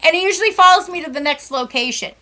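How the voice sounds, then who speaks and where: A woman psychic medium from Massachusetts, chatting as a guest and telling lively stories, acting out the lines of other people as she goes. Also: very high voice, fast talker. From Central West Massachusetts. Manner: animated, acts out quoted dialogue with sighs and laughs. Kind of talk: casual storytelling chat. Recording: podcast interview.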